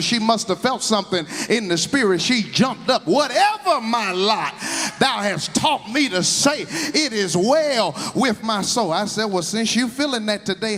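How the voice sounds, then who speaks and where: A man in his thirties, a pastor telling stories at a funeral with vivid, building delivery. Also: high voice. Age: 30s. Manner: vivid storyteller building to shouted climaxes. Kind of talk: eulogy storytelling. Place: large church. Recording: reverberant church hall.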